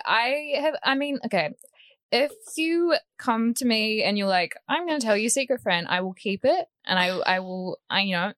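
A woman's voice: mid-range voice, a bit bright, smooth, no room sound, clean studio sound. A woman in her twenties with a New Zealand accent, co-hosting a podcast, telling stories in a rambling, hesitant way. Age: 20s. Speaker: podcast co-host. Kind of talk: casual chat.

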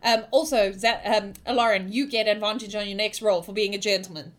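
A woman's voice: medium pitch, steady tone, a little fast. A woman narrating as game master of a tabletop game, in a loose, casual manner full of fillers.

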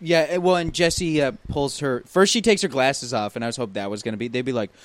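A man's voice: medium pitch, fast talker, dry recording. A man from Canada co-hosting a casual chat, recapping a sitcom with wry jokes. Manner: wry and joking, with lively, swooping intonation. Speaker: podcast co-host.

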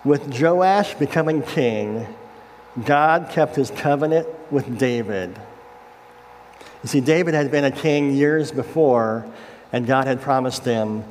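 Speaking slowly in a medium-pitched, slightly mellow voice, a pastor delivers a relaxed, conversational sermon in a church sanctuary. He puts a scripture story into everyday language and checks in with the congregation, in an echoey hall with faint ambience and a little hiss or hum.

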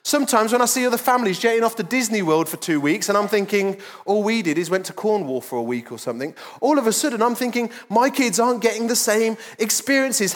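A man, preaching a sermon as lead pastor in a casual, joking, self-deprecating way. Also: extremely high pitch. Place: church auditorium. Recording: large church hall with long reverb.

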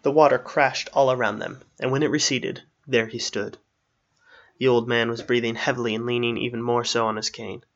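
A man narrating a fantasy story aloud in a steady storytelling manner. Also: medium pitch, a little fast, dull audio.

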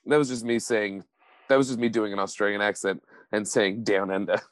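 A man's voice: on the low side, fairly quick, no room sound. A man co-hosting a podcast in casual chat, laughing often, swearing and slipping into playful impressions. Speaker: podcast co-host.

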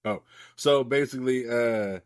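A man's voice: medium pitch, measured pace, no room sound, studio quality. A man co-hosting a podcast, casually recapping a comic book in a loose, rambling way, swearing freely and leaning on lots of fillers. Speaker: podcast co-host.

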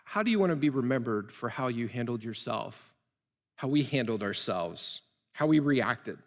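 A man's voice: mid-range voice, animated, normal speed. A male pastor preaching an earnest sermon to people watching at home, telling stories and building to fervent appeals. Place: church building. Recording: long reverb of a large church.

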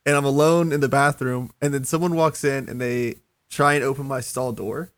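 Dry, animated man telling a story. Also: mid-range voice, normal speed, dry recording. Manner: animated, acts out the dialogue. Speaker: podcast host. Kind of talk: casual storytelling.

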